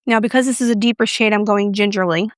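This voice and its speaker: A woman doing a casual makeup review vlog, chatty and playful, with self-mocking asides and soft whispered moments. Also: mid-range voice, fairly even intonation, fast talker, no echo, clean studio sound. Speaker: beauty reviewer.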